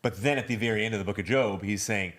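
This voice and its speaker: Low-voiced man musing reflectively. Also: a bit bright. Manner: reflective, storytelling, quotes passages in measured voice. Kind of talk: casual podcast discussion.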